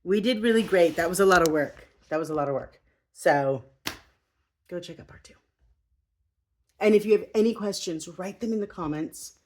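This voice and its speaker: A woman's voice: lowish voice, normal speed, long pauses. Playful, chatty woman leading yoga. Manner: playful, chatty, jokey asides. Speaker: yoga instructor. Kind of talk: guided exercise instruction.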